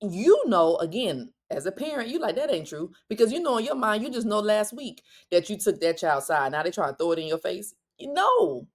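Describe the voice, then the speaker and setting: A woman hosting a solo parenting podcast, talking directly and bluntly to listeners, with quick asides and restarts. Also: mid-range voice, big pitch swings. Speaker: podcast host.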